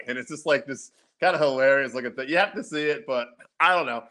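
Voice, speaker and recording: A male podcast co-host in loose, rambling chat. His voice sits at a middle pitch, and he keeps breaking into laughter and casual swearing. The talk drifts from one memory to the next. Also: a little fast, few pauses, bright, forceful tone.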